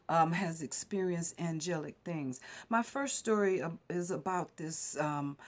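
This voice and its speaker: Earnest woman telling a personal story. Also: on the low side. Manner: earnest, emphatic, conversational. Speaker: vlogger.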